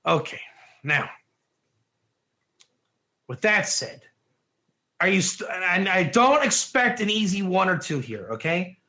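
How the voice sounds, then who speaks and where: A man's voice: high-pitched, sing-song, slow pace, long pauses, sharp tone. A man teaching an interactive online Torah class, emphatic and firing rhetorical questions at his viewers.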